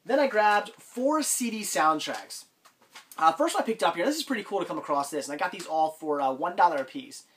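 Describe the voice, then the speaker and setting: A man with a stuffy, congested voice from a cold talks through his latest finds in a relaxed, rambling way. His voice sits a little above the usual for a man, and he keeps stopping for ums and restarting his sentences. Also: fairly high pitch, brisk, a little hiss or hum. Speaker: collector vlogger. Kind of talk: casual vlog haul talk.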